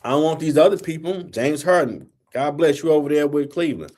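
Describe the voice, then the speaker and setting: A man's voice: a little high, animated, a little fast, a little mellow. A man hosting a sports talk show, ranting in a blunt, heated, colloquial way and scolding teams and players. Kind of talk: opinionated sports rant.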